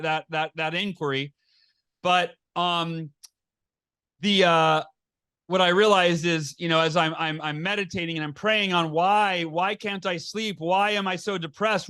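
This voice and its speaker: High, bright-voiced man telling a personal story. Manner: earnest, animated, acts out quoted dialogue, frequent restarts. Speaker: podcast guest, author and speaker. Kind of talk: candid storytelling in an interview.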